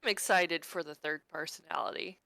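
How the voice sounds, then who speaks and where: A woman co-hosting a podcast in casual chat, excitable and swearing freely. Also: low-pitched, brisk, vocal fry, dry recording. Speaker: podcast co-host.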